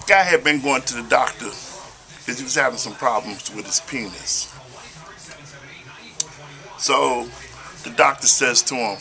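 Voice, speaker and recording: Brief: male joke teller, gravelly voice, folksy drawl, music playing behind him. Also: medium pitch, expressive, normal speed, pauses often, sharp tone. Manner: folksy, drawling storyteller, acts out stutters and punchlines. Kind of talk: casual joke telling to camera.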